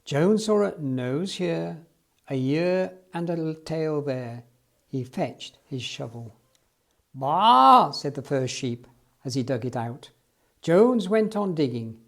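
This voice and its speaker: A man reading a children's storybook aloud in an expressive storytelling manner. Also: on the high side, takes it slowly, creaky. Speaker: storybook reader.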